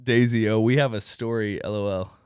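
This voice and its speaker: A man's voice: fairly low pitch, a little fast, clean tone, no echo, clean studio sound. A man co-hosting a casual live-stream chat, telling stories with lots of laughter and acted-out voices. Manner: animated storyteller, laughs often, acts out voices. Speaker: co-host.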